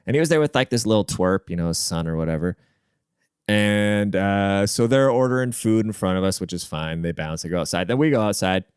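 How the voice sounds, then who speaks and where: A man's voice: lowish voice, brisk, darkish tone, smooth, no echo, clean studio sound. A man hosting his own podcast, rambling through a crude, profane solo rant with jokey asides. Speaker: podcast host.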